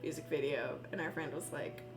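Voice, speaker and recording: A woman live-streaming while she bakes, chatting in a rambling, casual way, swearing freely and cooing in a high voice at her dogs. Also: brisk. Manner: coos in a high voice when talking to her dogs. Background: music.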